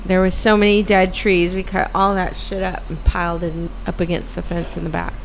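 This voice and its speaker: A woman's voice: on the low side, flat delivery, moderate pace, a little hiss or hum, low-quality recording. A woman casually chatting and joking crudely while watching a movie with a friend. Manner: joking, crude, laughs often. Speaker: movie commentary co-host. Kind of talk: casual chat over a movie.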